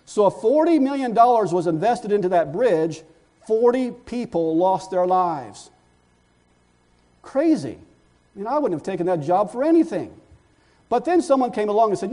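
High-voiced preacher, mellow tone. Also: male voice, sing-song, moderate pace. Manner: builds in volume and pitch as stories peak; repeats words while searching for the next phrase. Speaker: pastor. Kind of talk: sermon.

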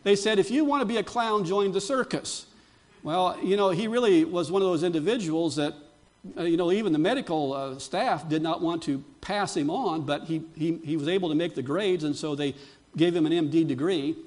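A man preaching to his flock rises from quieter narrative passages to fervent, emphatic high points, with many restarts along the way. His voice is a little high and his pace fairly quick.

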